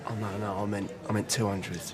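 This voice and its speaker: An actor playing a hurried, sheepish young man. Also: fairly low pitch, little pitch movement, a crowd in the background, lightly acted. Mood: hopeful. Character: eager, hapless young man.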